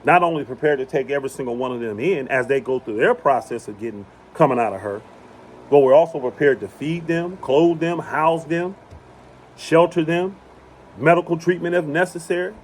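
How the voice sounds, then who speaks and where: A man preaches passionately outside on his property, at a moderate pace in a voice that's a little high. He stresses his points by repeating phrases, and the audio carries a little hiss or hum.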